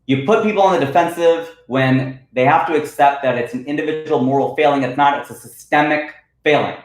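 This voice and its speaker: A comedian hosting his weekly livestream, riffing casually and reading out viewer comments in a lively, animated way. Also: on the high side, brisk, roomy sound, rough recording.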